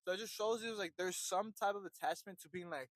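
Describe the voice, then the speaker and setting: Animated young man, bright high voice. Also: fairly quick. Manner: animated, swearing, acts out quotes in funny voices. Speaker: podcast co-host. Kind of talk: casual chat.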